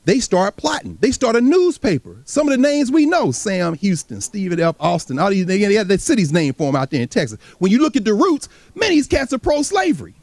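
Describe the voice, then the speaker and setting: This is a man lecturing on history before a live audience, his voice pitched high and bouncing all over its range. He talks in a loose, casual way, addresses the crowd directly and slips into voices from the past. The sound is close and dry, with almost no room echo. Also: big pitch swings, brisk, few pauses, a little mellow. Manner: casual, colloquial speech.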